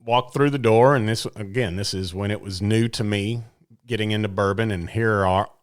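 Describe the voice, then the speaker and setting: A low-voiced man from Texas spins a long, casual story, circling back and restarting his sentences as he goes. His delivery is unhurried and conversational. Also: steady tone, smooth. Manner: storytelling, restarts and trailing asides. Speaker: podcast guest. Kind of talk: casual chat.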